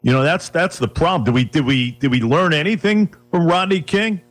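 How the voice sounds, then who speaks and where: A man's voice: fairly high pitch, fairly quick. A man hosting a radio talk show, pushing back on his guest with repeated "come on" and "listen", over a faint music bed.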